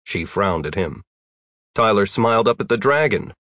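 Low-voiced man narrating a story. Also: normal speed, no room sound, clean studio sound. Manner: even, wry storytelling. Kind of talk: audiobook narration.

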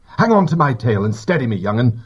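Man playing a brisk, husky squirrel. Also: mid-range voice, very animated. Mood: steady. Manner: brisk, matter-of-fact talk. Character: steady older male squirrel. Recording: dull lo-fi recording.

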